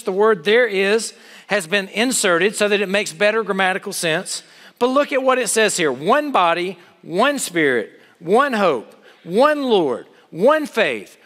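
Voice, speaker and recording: High-voiced preaching man, echoing hall. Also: a bit bright. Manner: earnest preaching with rhetorical questions. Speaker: pastor. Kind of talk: sermon.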